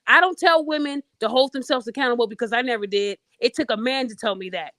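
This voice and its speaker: A woman's voice: on the high side, fast, fairly bright tone, no room sound. A woman hosting a podcast, telling a personal story in a blunt, profane, casual way and addressing her listeners directly. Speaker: podcast host.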